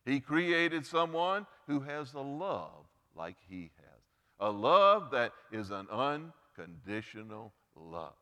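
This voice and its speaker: Taking it slowly, a pastor gives an earnest Mother's Day sermon in a church sanctuary, his pushed, bright voice making big pitch swings. He raises and lowers his pitch and volume for emphasis, then prays, with big-room sound throughout.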